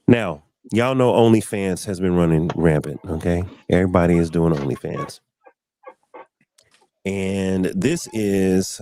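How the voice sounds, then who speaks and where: A man hosting a casual livestream chat, informal and animated. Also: deep voice, no room sound. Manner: animated, laughing easily, informal. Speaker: livestream host.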